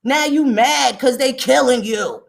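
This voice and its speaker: Woman, livestream host, fairly high voice, swears a lot, emphatic. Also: measured pace, gravelly. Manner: profane, emphatic ranting. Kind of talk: livestream commentary.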